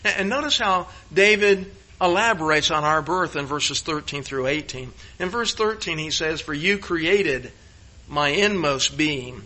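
A man preaching a sermon on a psalm, with frequent stammered restarts and sudden emphatic rises that fall back to hushed, slower phrases. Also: a little high, lively intonation, poor audio. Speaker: pastor.

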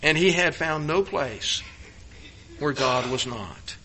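A man preaching a sermon on a psalm, with frequent stammered restarts and sudden emphatic rises that fall back to hushed, slower phrases. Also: on the high side, animated, background noise. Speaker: pastor.

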